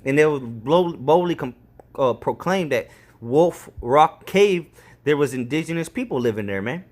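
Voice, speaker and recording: A man with a somewhat high voice gives casual commentary on scripture. He talks in loose street slang and keeps tacking "man" onto his sentences. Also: lively intonation, moderate pace. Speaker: street preacher.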